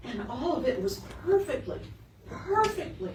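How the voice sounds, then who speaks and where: Middle-aged woman minister, story-driven sermon, slow delivery, recorded far off in a roomy hall. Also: medium pitch. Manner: lively storytelling, shifts into soft earnest emphasis. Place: sanctuary of a spiritual center. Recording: roomy, distant, with background noise.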